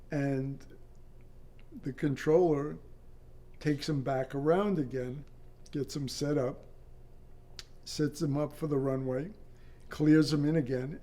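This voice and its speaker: An older man with a slightly high but mellow voice tells a story from his years as an air traffic controller. He speaks in a halting, matter-of-fact way, restarting phrases as he goes. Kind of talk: recounting a personal story in an interview.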